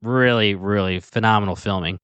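A man's voice: on the low side, brisk, fairly bright tone, clear, resonant tone, no room sound. A man with a Delaware County accent co-hosting a podcast in casual chat, enthusiastic and rambling with restarts. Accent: Delaware County, Philadelphia area. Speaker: podcast co-host.

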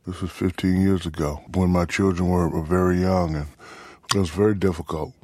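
A middle-aged man answering interview questions in a relaxed storytelling way, often saying "you know". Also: low voice, brisk, no room sound. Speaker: interview guest, author.

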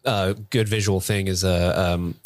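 A man's voice: low voice, fairly even intonation, measured pace, no echo, studio quality. A man co-hosting a casual movie podcast, laughing often and acting out lines from the film. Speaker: podcast co-host.

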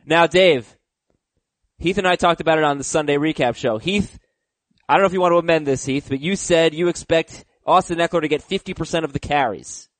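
A man's voice: on the high side, fairly quick, no room sound. Dry-sounding male podcast host. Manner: thinks aloud with fillers and restarts, jokey. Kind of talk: casual sports chat.

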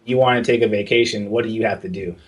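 A man's voice: fairly low pitch, quick pace, slightly rough. A young man chatting casually, telling a story about working abroad, acting out the dialogue and swearing freely. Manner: animated, swearing, acts out quoted dialogue. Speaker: artist recalling working abroad.

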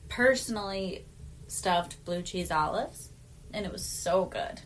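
Relaxed woman co-host, faint noise. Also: lowish voice, slow pace, low-quality recording. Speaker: podcast co-host. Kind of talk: casual chat.

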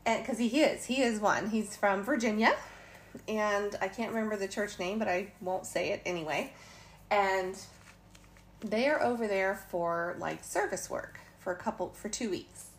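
A woman vlogger, medium in pitch and normal in speed, shares a travel story casually and chattily. She quotes others in passing and laughs now and then, over faint background noise.

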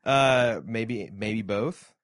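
A man's voice: fairly low pitch, drawn-out words, no echo. Man joking through a TV show chat. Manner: jokey, reads listener mail aloud. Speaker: podcast co-host. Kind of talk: casual chat.

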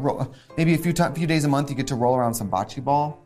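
A man co-hosting a comedic talk show, bantering in a campy way with bursts of high laughter. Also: quick pace, a little mellow, soft background music. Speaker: co-host. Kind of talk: comedic banter between drag performers.

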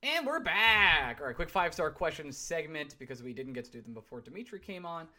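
A man hosting a casual podcast, reading out listener questions and chatting briskly. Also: on the high side, a bit bright. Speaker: podcast host.

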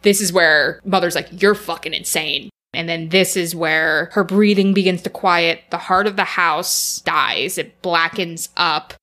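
A woman co-hosting a podcast, retelling a film's plot in casual, animated chat with lots of "like" fillers. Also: lowish voice, unhurried, hardly any pauses. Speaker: podcast co-host. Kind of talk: casual film recap chat.

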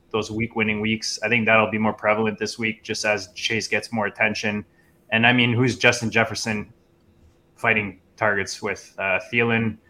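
A man's voice: fairly low pitch, bright, forceful tone. A man co-hosting a podcast, giving his views in a casual, matter-of-fact way.

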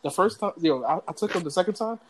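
A young man spins funny stories for his friends, his pitch swinging up and down as he goes. He laughs a lot and acts out the people in each story. His voice sits a bit high for a man. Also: expressive, quick pace, slight background noise, rough recording.

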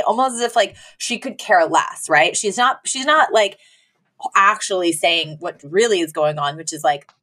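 A woman's voice: lowish voice, a little slow. A woman co-hosting a podcast, recapping an episode in casual chat and acting out the characters' lines as she goes. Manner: animated retelling, mimics characters' lines. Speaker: podcast co-host.

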